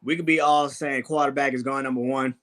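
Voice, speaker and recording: A man co-hosting a casual sports show, excitable, laughing a lot and swearing heavily. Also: medium pitch, brisk.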